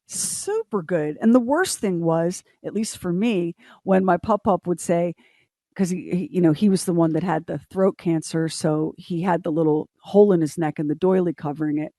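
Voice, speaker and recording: Animated storyteller woman, dry studio sound. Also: on the low side, moderate pace, dry recording. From Philadelphia. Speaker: radio show co-host. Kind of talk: casual chat.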